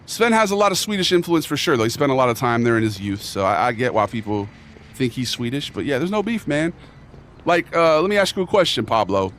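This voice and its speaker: A man's voice: medium pitch, expressive, a little fast, a bit bright, a little hiss or hum. A man streaming a game, chatting casually in a rambling, joking bro manner with mock earnestness. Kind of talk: casual chat while playing a game.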